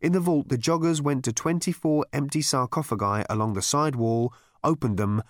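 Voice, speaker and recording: A man's voice: mid-range voice, moderate pace, dry recording. A man reading a comic novel aloud as narrator in a dry, wry storytelling manner. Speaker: audiobook narrator. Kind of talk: scripted narration.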